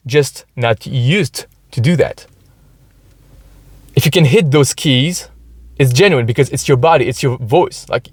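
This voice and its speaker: A man chats through a casual podcast monologue from his car. His voice sits at an ordinary middle pitch and sounds close and dry, with no room echo. He keeps tagging "right?" onto his sentences and stumbles into frequent restarts. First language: French. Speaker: podcast host. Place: inside his parked car.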